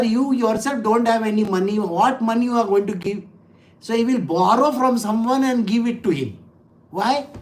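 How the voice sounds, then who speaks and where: A spiritual teacher, giving a conversational scripture talk full of stories and rhetorical questions to the listeners. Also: medium pitch. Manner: laughs while telling anecdotes.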